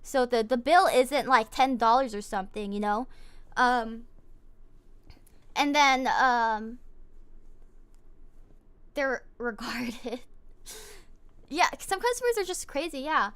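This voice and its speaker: A young woman streamer telling a story in casual chat, animated and indignant, with lots of fillers. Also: on the high side, slow, long pauses, clean tone.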